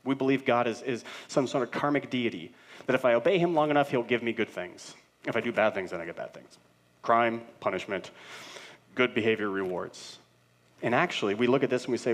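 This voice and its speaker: A man in his thirties, a pastor, preaching a sermon in an easy, conversational style. He acts out the voices of the people he quotes, and his loudness rises and drops as he talks. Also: mid-range voice, fairly quick.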